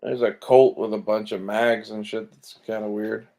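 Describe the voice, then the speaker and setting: A man with a low voice full of gravelly fry drifts through casual commentary. He sounds sleepy and unhurried, swears freely and trails off into fillers as he browses. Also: little pitch movement, dark tone. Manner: laid-back, swears often, trails off with fillers. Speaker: gun vlogger browsing listings.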